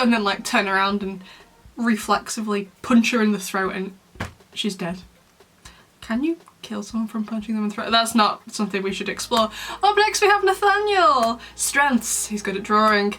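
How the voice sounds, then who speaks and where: A woman's voice: fairly high pitch, pushed and bright. A young woman hosting a casual commentary vlog, chatty and dramatic with a playfully mean streak. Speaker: YouTuber, host.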